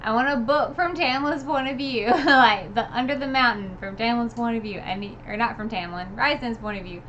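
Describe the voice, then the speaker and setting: A woman's voice: a little high, moderate pace, fairly bright tone, muffled recording, a little hiss or hum. A woman giving a casual, gushing book recap, full of "like" and "um". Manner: gushing, filler-heavy with many "like" and "um". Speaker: book reviewer.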